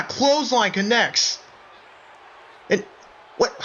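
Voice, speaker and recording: A man doing excited play-by-play wrestling commentary, breaking into shouts of surprise and calling his listeners folks. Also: extremely high pitch, takes it slowly, pauses often. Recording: dull lo-fi recording with faint noise.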